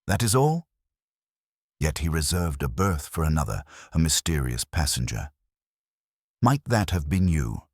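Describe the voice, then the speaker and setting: A man's voice: very deep voice, big pitch swings, measured pace, pauses often, darkish tone, husky, dry recording, clean studio sound, heavily acted. A man reading a shrewd, courteous detective who questions with polite persistence. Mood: probing.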